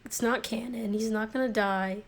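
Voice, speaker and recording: A woman's voice: fairly high pitch, steady tone, moderate pace. A young woman chatting idly to a live stream while she paints from a phone, rambling and joking at herself. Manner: rambling, self-mocking, talks to herself.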